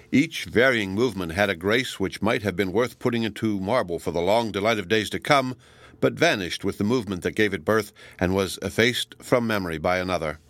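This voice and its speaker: Male narrator for a classic novel: low, measured, dry and close. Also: no room sound. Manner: measured, even reading. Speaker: audiobook narrator. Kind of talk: scripted narration.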